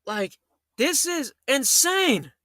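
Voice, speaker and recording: A man hosting a late-night talk radio show, telling stories in a fast, heated way and acting out the people in them. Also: extremely high pitch, big pitch swings, sharp tone, no echo, clean studio sound. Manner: fast, heated storytelling with acted quotes.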